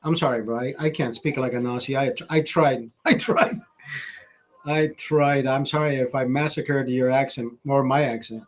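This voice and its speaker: A man's voice: medium pitch, fairly even intonation, moderate pace, hardly any pauses. A man from Honduras hosting a casual livestream, ranting with heavy profanity and switching between English and Spanish. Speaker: livestream host. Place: Los Angeles, California.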